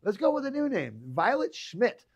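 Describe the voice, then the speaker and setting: A man co-hosting a local sports radio show, excitable, reeling off stats. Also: extremely high pitch, moderate pace, vocal fry, husky, muffled recording. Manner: excitable, hypes teams, rattles off stats. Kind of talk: casual sports talk radio.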